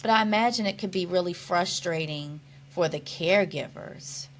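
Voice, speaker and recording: A woman's voice: fairly low pitch, moderate pace, slight background noise. A woman guest in an interview, talking earnestly and reflectively, often restarting her sentences. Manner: earnest, reflective, with many restarts and "you know". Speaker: podcast guest. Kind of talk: conversational interview.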